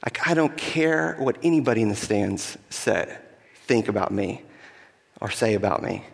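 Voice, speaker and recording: A middle-aged man preaching a sermon as pastor, earnest, asking the congregation questions and slowing down to stress key phrases. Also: on the low side, expressive, creaky. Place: church sanctuary. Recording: long reverb of a large hall.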